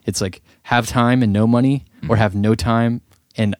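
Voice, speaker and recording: A young man co-hosting a casual podcast, talking in a laid-back, reflective way that often trails off softly. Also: mid-range voice, steady tone, normal speed, no room sound, studio quality. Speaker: podcast co-host. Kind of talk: casual chat.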